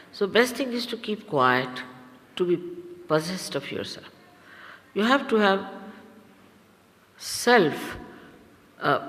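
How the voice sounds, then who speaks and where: A woman with an Indian accent, a spiritual teacher giving an instructive, admonishing talk to her followers, pausing often with hesitations. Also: lowish voice, pushed and bright, big-room sound.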